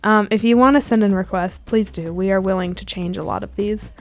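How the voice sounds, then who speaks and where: A young woman hosting a casual music podcast, bubbly and easily excited, wrapping up the episode with her co-host. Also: mid-range voice, fairly quick. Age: young adult. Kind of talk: casual chat.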